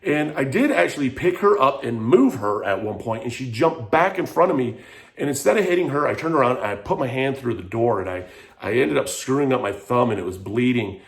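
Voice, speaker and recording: A man's voice: medium pitch, expressive, a little fast. A man frankly telling a personal story in a vlog, emotional and rambling, with lots of "like". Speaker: vlogger.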